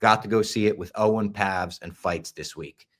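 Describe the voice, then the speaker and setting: A man hosting a podcast, chatting casually and enthusiastically, sometimes dropping to a hush for asides. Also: lowish voice, moderate pace. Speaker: podcast host.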